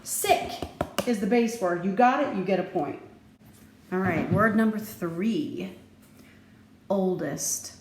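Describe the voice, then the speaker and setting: A woman teacher giving a recorded phonics lesson, slow and deliberate, playful, with sudden lively jumps in her voice. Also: medium pitch. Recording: echoey room with faint background noise.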